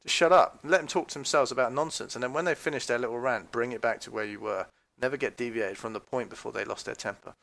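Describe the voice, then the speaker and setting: With vocal fry and a somewhat bright voice, this man talks fast while casually ridiculing a police recording. He swears freely and sometimes imitates voices in abrupt high-pitched bursts.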